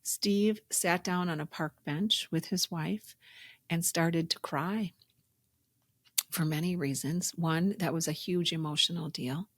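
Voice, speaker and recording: A woman's voice: lowish voice, steady tone, slow, no room sound. A woman hosting a spiritual self-help podcast, talking in an earnest, reflective way and telling stories. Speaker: podcast host.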